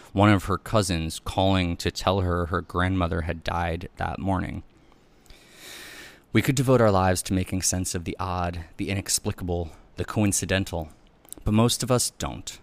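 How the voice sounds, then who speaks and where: A man narrating a first-person memoir as an audiobook reader, in a measured, even storytelling manner. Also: low voice, no echo.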